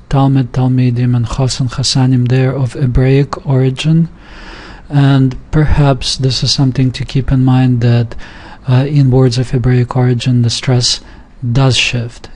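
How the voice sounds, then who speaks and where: A man teaching a recorded language lesson, reading example words aloud and explaining the rules deliberately. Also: medium pitch, a little mellow.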